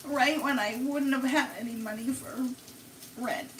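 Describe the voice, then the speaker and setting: A woman vlogger telling a personal story on a live stream in an emotional, rambling, halting way. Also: sits high, fairly even intonation, fairly bright tone, slight background noise. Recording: echoey, from far off the mic.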